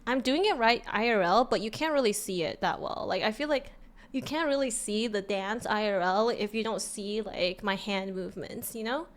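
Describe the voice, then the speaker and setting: A woman's voice: medium pitch, normal speed. A woman from California with a Californian accent, chatting casually on a live stream in a bubbly, giggly way, often stumbling over and repeating her words.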